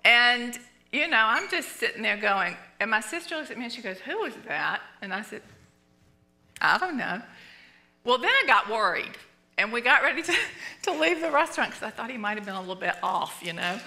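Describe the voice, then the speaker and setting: An older woman teaching in church, telling a personal story in an animated way, acting out what people said. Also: on the high side, a little fast. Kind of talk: storytelling sermon. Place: church sanctuary.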